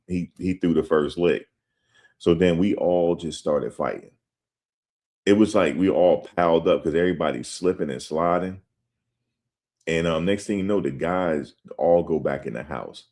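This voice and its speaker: A man with a very deep voice tells a story in a loose, conversational way. He talks straight to his listeners and gets animated as he goes, like a host chatting to his audience. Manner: animated, conversational, addresses listeners directly as "guys". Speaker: show host. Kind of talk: casual spoken storytelling and commentary.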